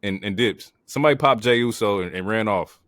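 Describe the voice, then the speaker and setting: A man's voice: fairly low pitch, a little fast, fairly bright tone, no echo, clean studio sound. A man co-hosting a wrestling podcast, joking and slangy in casual chat. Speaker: podcast co-host.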